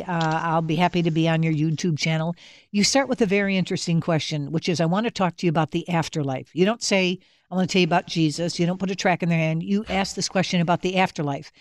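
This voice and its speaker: A radio host, measured, setting up questions and breaks in an interview. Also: mid-range voice, no echo.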